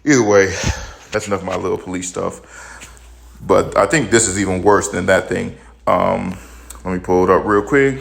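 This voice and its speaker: In casual opinion commentary on his own podcast, a young man rants about the news bluntly and with profanity, sounding a bit out of breath. His low voice has vocal fry, moves at a normal speed, and includes long pauses.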